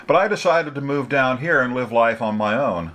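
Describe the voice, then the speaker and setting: A man reading a story, voicing a playful, quick-witted young woman who is a runaway heiress. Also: mid-range voice, expressive, a bit bright, close to an everyday voice.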